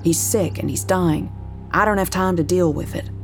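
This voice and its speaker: A woman's voice: on the low side, normal speed, creaky, soft background music. A woman voicing a curt, dismissive young male groom in an audio drama. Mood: brusque. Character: young bald male groom, brusque and evasive.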